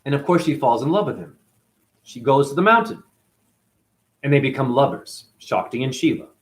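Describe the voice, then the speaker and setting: A spiritual teacher retelling a story in a lively way and often asking his listeners questions. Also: mid-range voice, moderate pace. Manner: lively, asks the audience questions. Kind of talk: animated storytelling talk.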